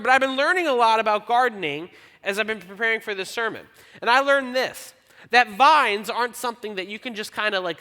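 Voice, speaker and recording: Bright-voiced pastor in a reverberant hall. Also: male voice, high voice. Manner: conversational and self-deprecating, reads scripture slowly. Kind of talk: sermon. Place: church auditorium. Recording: long church hall reverb.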